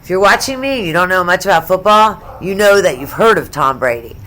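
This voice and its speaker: Middle-aged woman, lower-pitched, casual and profane vlogger, chatty sports talk with side asides. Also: lively intonation, fairly quick, a bit bright. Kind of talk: casual storytelling vlog.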